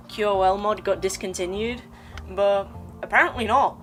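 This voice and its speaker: Over game music, a young female streamer talks to her chat in a rambling, slangy way while she plays. Her mid-range voice is a bit bright and moves at a moderate pace.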